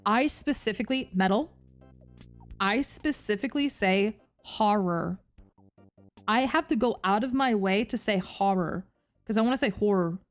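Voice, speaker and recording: A woman's voice: mid-range voice, brisk. A young woman from New Jersey with a New Jersey accent, chatting casually on a live stream, reading chat aloud, playful and giggly, swearing freely. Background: faint background music.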